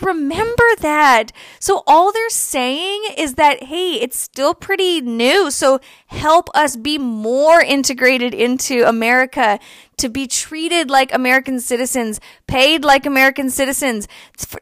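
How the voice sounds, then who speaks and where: A woman's voice: high voice, a bit bright, no echo. A young woman co-hosting a podcast, ranting emphatically in a heated personal monologue, swearing freely. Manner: emphatic, swears freely, laughs between points. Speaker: podcast co-host.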